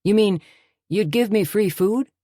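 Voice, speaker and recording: A woman's voice: medium pitch, a little slow, mellow, no room sound, clean studio sound, voice pushed up, close to an everyday voice. A woman voicing a scruffy, dim-witted, scheming man who speaks in folksy slang. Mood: eager.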